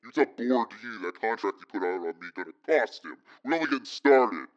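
A man voicing a menacing male gang leader on an answering machine tape, deep-voiced and taunting in street slang. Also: animated, brisk, muffled recording. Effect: answering machine playback.

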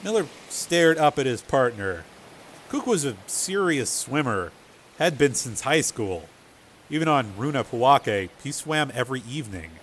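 An audiobook narrator, a man with a mid-range voice, reads a novel chapter in steady, measured storytelling tones. The scripted narration carries slight background noise.

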